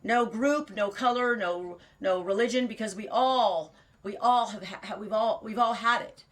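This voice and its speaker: A woman in her fifties, unhurried and mid-range in pitch, hosts her own show. She tells a personal story bluntly and ramblingly, full of fillers and restarts, and laughs often.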